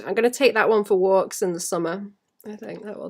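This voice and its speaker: Woman illustrator, casual drawing-stream chat, mid-pitched, rambling and laughing softly. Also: fairly quick. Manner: rambling, thinks aloud, often laughs softly.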